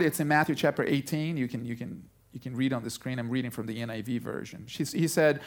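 A man preaching a sermon as a pastor, retelling a story with animated delivery and drawn-out words for emphasis. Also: mid-range voice.

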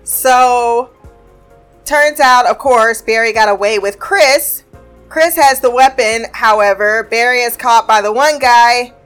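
A woman with a fairly high voice recaps a TV episode in a loose, conversational way. She laughs a lot, swears freely and drops into quick asides. Faint music plays under her voice. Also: a bit bright. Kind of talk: casual spoken recap.

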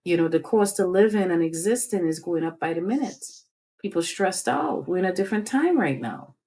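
A woman's voice: animated, brisk, mellow, breathy edge. Fired-up woman host ranting. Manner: fiery, preachy, swinging pitch up and down. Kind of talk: impassioned livestream commentary.

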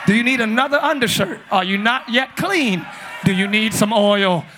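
Male pastor, high bright voice, comic shouting sermon, live church. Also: animated, moderate pace, a little hiss or hum. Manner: playful, shouting, mimics churchy prayer voices. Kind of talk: comedic sermon to a live congregation. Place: church sanctuary.

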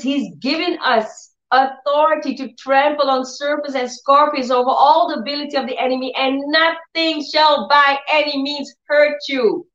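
Female preacher, higher voice, lively storytelling sermon, roomy and slightly muffled recording. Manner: animated storytelling, acts out dialogue in changed voices. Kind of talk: faith-healing sermon.

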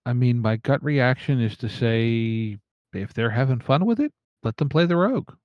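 A man co-hosting a chat about tabletop games, thoughtful and a little halting, with chuckles between his remarks. His pitch is mid-range. The sound is muffled and lo-fi, with a dry, close feel. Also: animated, no echo. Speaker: podcast co-host.

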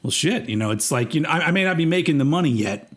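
A man's voice: a little high, lively intonation, rapid-fire. A man hosting a casual music podcast, rambling with lots of fillers and casual swearing. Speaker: podcast host.

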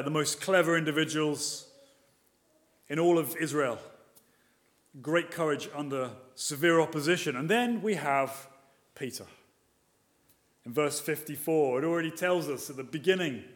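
A man preaching a sermon, moving between emphatic and quiet passages and asking rhetorical questions. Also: on the high side. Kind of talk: expository sermon.

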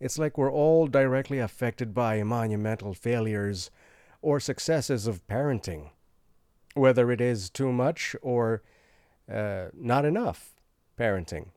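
A man delivering a sarcastic comedy monologue, swinging between loud outbursts and hushed asides. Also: mid-range voice, lively intonation, unhurried, smooth, no echo, studio quality.

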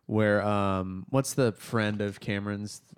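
A young man hosting a movie podcast, chatting casually in an animated, rambling way. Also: on the low side, takes it slowly, smooth. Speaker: podcast host. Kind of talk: casual chat.

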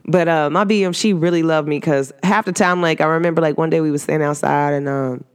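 A woman talking casually to her viewers in a vlog, animated, rambling and warmly emphatic. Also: sits low, fast, clean tone. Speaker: vlogger. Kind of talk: casual heartfelt talk to camera.

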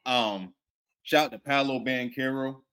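A man on a casual sports podcast, calmly running through player statistics. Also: mid-range voice, measured pace, clean tone. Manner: steady, stat-heavy.

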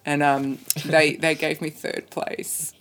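Woman, New Zealand accent, low voice, rambling self-deprecating storyteller, casual podcast chat, laughs often. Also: level tone, takes it slowly, fairly bright tone. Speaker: folk singer guest.

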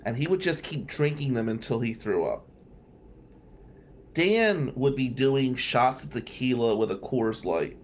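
A man's voice: medium pitch, expressive, measured pace, slight background noise. A man telling a long personal story in a casual, digressive way, with wry asides and some swearing.

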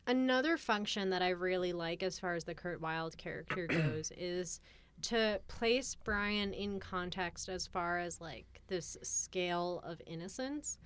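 A woman's voice: on the low side, measured pace, a bit bright, clear, resonant tone, no echo. A woman co-hosting a podcast, chattily recapping a film plot with laughs. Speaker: podcast co-host. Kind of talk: casual film discussion.

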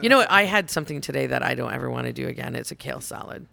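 A man chatting casually on a podcast, animated and quick to laugh and swear. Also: mid-range voice, creaky, no room sound. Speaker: guest, drinks company owner.

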